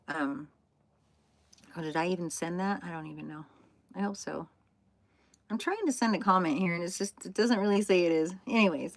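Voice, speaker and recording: A woman in her fifties chatting on a spiritual livestream, telling stories in an animated, laughing way and swearing now and then. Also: lowish voice. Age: 50s. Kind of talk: casual livestream chat. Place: indoors at home, in an RV.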